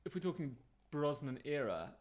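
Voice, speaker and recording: A young man, co-hosting a casual chat and jumping in eagerly with quick remarks. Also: fairly high pitch, very animated, darkish tone. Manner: quick, chatty, eager to jump in. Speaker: podcast co-host.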